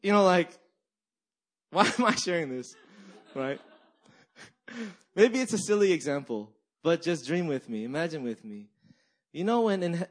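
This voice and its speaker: A young man preaching a sermon as a pastor, animated and conversational, peppering his talk with "right?" and "like". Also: on the high side. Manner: animated storytelling, frequent "right?" and "like".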